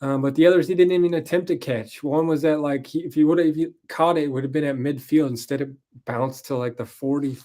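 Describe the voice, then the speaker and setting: A man's voice: fairly high pitch, steady tone, fairly quick, hardly any pauses, warm tone. A tired man casually rambling through a football weekend recap, frank and profane, with frequent ums. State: tired, yawning. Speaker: podcast host. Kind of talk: casual sports recap monologue.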